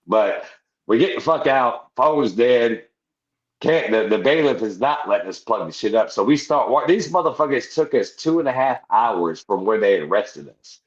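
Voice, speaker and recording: A man's medium-pitched voice, lively in intonation and at normal speed, carries a long, rowdy anecdote. He's a veteran guest on a podcast, rambling through casual storytelling with plenty of swearing and laughs on the side. The recording sounds roomy and a little dull.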